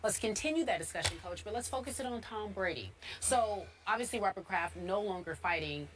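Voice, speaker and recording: A woman moderating a sports talk show, steering the discussion and moving it along briskly. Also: medium pitch, animated, background noise. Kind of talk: broadcast hosting.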